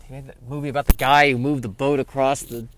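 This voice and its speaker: A man rambling through a solo comedy podcast, poking fun at himself. His voice sits at a middling pitch and comes through a podcast mic over a faint background hiss. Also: little pitch movement, fast talker, a bit bright. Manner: rambling and self-mocking.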